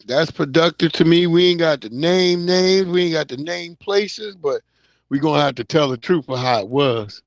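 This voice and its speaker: Brief: male stream host, 30s-40s, relaxed slangy chatter, slightly high-pitched, dry close sound. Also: moderate pace, no echo. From New York (Long Island). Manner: loose, slangy, reacting to chat comments. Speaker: livestream host. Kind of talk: casual livestream chat.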